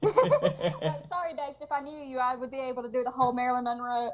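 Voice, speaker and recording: A woman's voice: high voice, quick pace, muffled recording. A woman in her twenties, a joking guest chatting on a livestream. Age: 20s. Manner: joking, bursts into laughter. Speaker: stream guest. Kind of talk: casual livestream chat.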